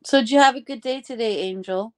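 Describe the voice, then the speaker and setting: A woman's voice: a little high, fairly quick, clean tone. A woman hosting a casual live stream, chatting affectionately with friends and laughing often.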